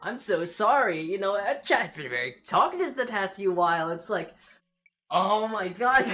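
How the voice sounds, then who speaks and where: A woman's voice: medium pitch, lively intonation, a little slow, fairly bright tone. A woman streamer chatting live to her viewers, flustered, self-mocking and apologetic, often exclaiming. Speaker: virtual streamer. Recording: echoey room, faint background music.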